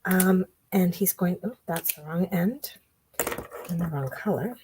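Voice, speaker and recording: A woman giving a relaxed card-making tutorial, chatting and thinking aloud as she works. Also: fairly low pitch, unhurried, noisy background. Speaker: craft demonstrator.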